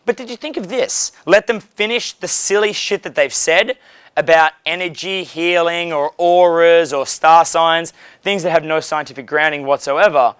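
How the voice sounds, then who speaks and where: A man's voice: a little high, normal speed, a bit bright, clean tone, dry recording. Blunt, profane man coaching. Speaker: dating coach. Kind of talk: casual coaching monologue. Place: hotel.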